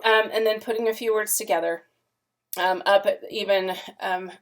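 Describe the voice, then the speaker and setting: A woman's voice: medium pitch, fairly even intonation, moderate pace, slight background noise. Woman teacher in her 40s, chatty lecture, lots of ums, voice sits right in the middle. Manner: friendly, chatty, lots of "um" fillers, demonstrates sing-song parent talk. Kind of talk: recorded classroom lecture.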